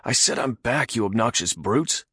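A man's voice: low-pitched, sing-song, normal speed, gravelly, dry recording, heavily acted. A man voicing an irritated, sarcastic male prisoner who talks dully and dryly. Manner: dry and sarcastic.

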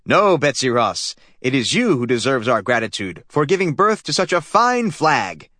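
A man's voice: medium pitch, very animated, normal speed, fairly bright tone, no room sound, clean studio sound. A man voicing a pompous middle-aged father who intones grandly. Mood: grandiose.

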